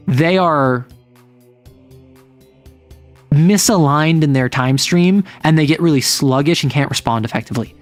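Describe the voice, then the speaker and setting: A game master casually recapping a tabletop session, chatty and full of "like.". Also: medium pitch. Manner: rambling, chatty, uses lots of "like".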